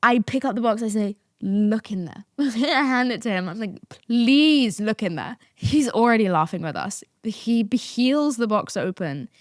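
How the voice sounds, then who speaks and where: A young woman hosting a podcast, telling a story in a casual, animated way, swearing and breaking into laughter. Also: mid-range voice, no echo, clean studio sound. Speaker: podcast host.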